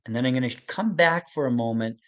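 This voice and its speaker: Middle-aged male expert, gentle webinar lecture, repeats key points, asks if it makes sense. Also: medium pitch, animated. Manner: explains slowly with repeated phrases and acted examples; gentle, checks in with listeners. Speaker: autism expert presenting a webinar.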